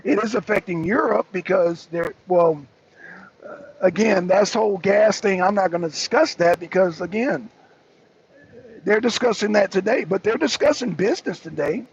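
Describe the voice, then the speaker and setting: A man's voice: high-pitched, normal speed, vocal fry, breathy edge. A middle-aged American man hosting a political live stream, arguing with viewers in the chat and repeating his points. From United States. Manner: argumentative, addresses chat by name, repeats himself. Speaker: talk show host. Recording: dull lo-fi stream audio.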